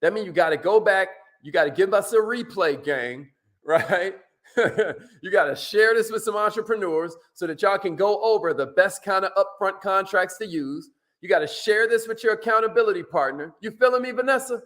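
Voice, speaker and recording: Hosting a live coaching stream at a normal speed, a man talks with energetic slang, greets viewers by name, and now and then drops into quiet asides.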